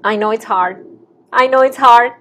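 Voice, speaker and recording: A woman coach role-playing a tired mother who calms herself and then gently soothes her little son at night. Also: fairly high pitch, moderate pace. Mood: soothing. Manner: soft, soothing, self-calming.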